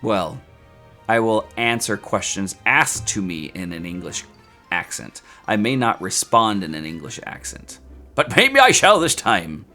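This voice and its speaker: A man gives a casual statistics lesson, chatty and self-mocking, with a lively, swinging pitch. His voice sounds bright and forward. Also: moderate pace, soft background music. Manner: chatty and joking, with rants and self-mocking asides. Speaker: statistics instructor. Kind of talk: casual video lecture.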